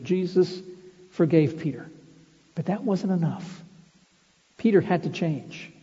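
A male preacher gives an emphatic sermon full of rhetorical questions. His voice sits fairly high but sounds dark and slightly husky. The recording is muffled, with a long hall reverb.

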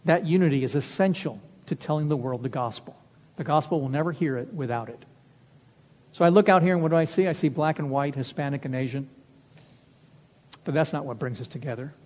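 A male pastor delivering an impassioned sermon to his congregation, pushing his voice up higher and louder to drive points home. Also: brisk. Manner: impassioned, rising in pitch and volume to press points. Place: church sanctuary. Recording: long church reverb, dull lo-fi sound.

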